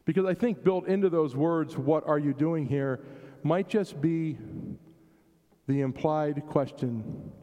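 A male pastor delivers a sermon in a slightly high but mellow voice. He speaks reflectively and plays with emphasis as he voices questions aloud. The sound carries a long reverb, as in a church sanctuary. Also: slow, muffled recording. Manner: reflective, varies emphasis, acts out quoted questions.

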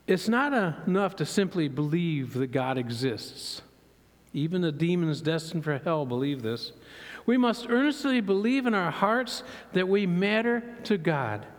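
A man giving a sermon, opening with a prayer and a joke, then speaking openly of his own struggles. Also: high voice. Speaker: lay preacher. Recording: long hall reverb.

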